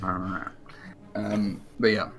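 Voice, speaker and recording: A man's voice: fairly low pitch, little pitch movement, a bit bright, faint music behind. A man running a tabletop game as game master, talking loosely and joking with his players. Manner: loose, rambling, quick to joke.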